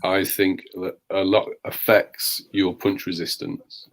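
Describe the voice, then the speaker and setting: A man on a live show calmly giving his opinions on boxing. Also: deep voice. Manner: measured, opinionated. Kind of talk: casual boxing analysis.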